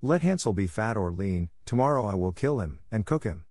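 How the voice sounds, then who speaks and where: A man's voice: fairly low pitch, very animated, brisk, a little mellow, dry recording, studio quality. A man reading the lines of a cruel, greedy old witch in a mocking, commanding way.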